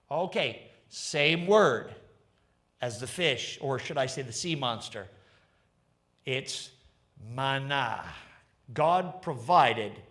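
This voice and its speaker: A man preaching a livestreamed sermon in a high-pitched voice. He takes his time, speaking slowly and deliberately. He turns animated and builds to fervent emphasis. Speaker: pastor.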